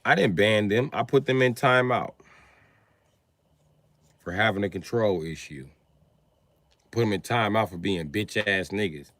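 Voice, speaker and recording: A man hosting a livestream, ranting at his chat in a combative, profane way and swinging between yelling and muttering. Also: on the low side, a little slow, long pauses, no echo. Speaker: livestream host moderating chat. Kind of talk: heated livestream rant at chat.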